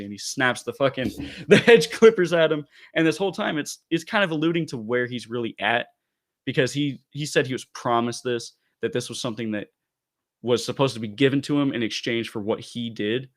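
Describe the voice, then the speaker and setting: A man co-hosting a casual podcast, retelling a story in an animated way with loose asides. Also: medium pitch, brisk. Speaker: podcast co-host reviewing comics.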